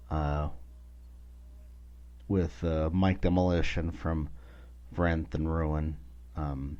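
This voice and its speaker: A man's voice: low-pitched, a little mellow. A man hosting his own podcast in a rambling, profane casual monologue, full of filler words. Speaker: podcast host. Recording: dull lo-fi recording.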